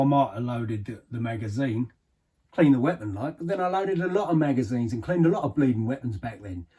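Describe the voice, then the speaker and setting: A man's voice: mid-range voice, warm tone, recorded from a distance, natural voice. An actor playing a middle-aged, bitter former henchman who rambles on in sardonic, confiding asides. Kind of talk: audio drama monologue.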